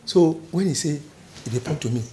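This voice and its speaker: In an interview, an older Nigerian man tells a long story in a blend of pidgin and English, his voice sinking to a low murmur before rising loud and emphatic. He sounds animated and brisk throughout.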